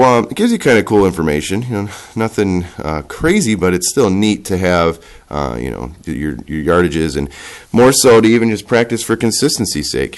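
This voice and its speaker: A man in his thirties with a nasal, cold-stuffed voice, demonstrating a product casually and haltingly as he works the device. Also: extremely low pitch. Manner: halting, talks while operating a device.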